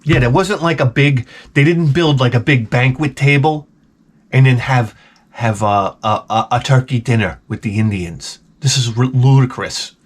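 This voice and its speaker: A man's voice: medium pitch, normal speed, breathy edge. A man, telling a profane, rambling story in a casual vlog. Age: 40s. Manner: animated, profane, repeats himself. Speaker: vlogger.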